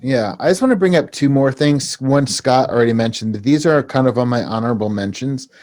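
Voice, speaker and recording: A man's voice: mid-range voice, fairly quick, a little mellow. Opinionated man in casual podcast chat. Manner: discursive, opinionated, hesitant fillers. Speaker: podcast co-host.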